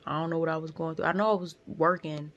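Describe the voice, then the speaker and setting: A young woman vlogging from her car, telling a story in a blunt, profane, animated way. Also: low-pitched, fast, muffled recording, a little hiss or hum. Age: young adult. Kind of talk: casual storytelling.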